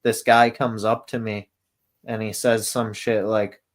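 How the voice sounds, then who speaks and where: A man's voice: on the low side, flat delivery, unhurried. A man co-hosting a casual podcast, telling festival stories in a rambling way full of fillers and swearing. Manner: rambling, profane, many fillers. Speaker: podcast co-host. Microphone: podcast mic.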